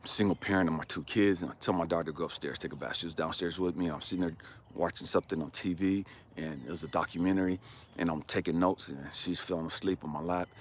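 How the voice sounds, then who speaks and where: A man who works as a life coach, telling an emotional personal story with passion. He swings between hushed and loud delivery and swears freely. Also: low-pitched, steady tone, fast talker, a little hiss or hum.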